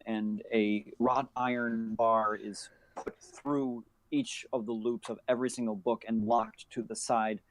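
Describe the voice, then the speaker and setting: A man's voice: mid-range voice, no room sound. A man narrating a tabletop game as game master, describing scenes with frequent fillers.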